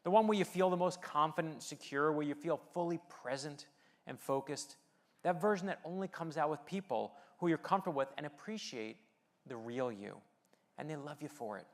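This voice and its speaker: A man's voice: a little high, brisk. A middle-aged man from the United States delivering a motivational speech, telling personal stories with light humor and rallying the audience. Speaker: keynote speaker and novelist.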